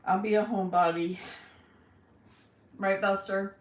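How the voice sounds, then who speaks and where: A woman's voice: medium pitch, steady tone, a little slow. A woman hosting a casual live stream, chatting with viewers and coaxing her pet bird in a fond, playful way. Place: at home. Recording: roomy, distant mic, faint running water.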